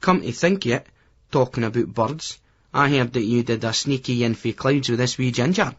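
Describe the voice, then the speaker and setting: A man's voice: mid-range voice, moderate pace, breathy edge, dull audio, lightly acted. A man doing a brash, cocky Scottish lad. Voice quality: ranting, swaggering.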